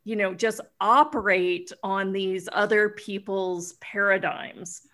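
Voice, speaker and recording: Woman podcast host, unhurried thoughtful questions, warmly affirming, mid pitch. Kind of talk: casual interview.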